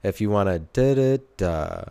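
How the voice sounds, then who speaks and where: A man's voice: lowish voice, sing-song, measured pace, vocal fry, mellow, clear, resonant tone, no room sound. A man rambling through a solo monologue in a sardonic way, often breaking off and restarting his sentences.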